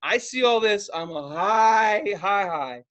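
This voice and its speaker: A young man co-hosting a podcast, telling an animated story in casual chat and bursting into loud acted-out outbursts. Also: sits high, takes it slowly, dull audio. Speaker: podcast co-host.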